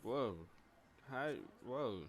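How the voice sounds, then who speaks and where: A man reacting live to clips, in an unhurried, drawn-out delivery at an ordinary middle pitch. He chats in loose slang, repeats the same short phrases, and jumps into loud exclamations when something surprises him. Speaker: streamer reacting to videos. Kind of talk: casual live reaction commentary.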